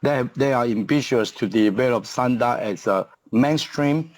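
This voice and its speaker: Halting man in his fifties, English. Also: mid-range voice. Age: 50s. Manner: halting, searches for English words with many fillers and restarts. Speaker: guest, martial arts coach. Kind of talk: podcast interview.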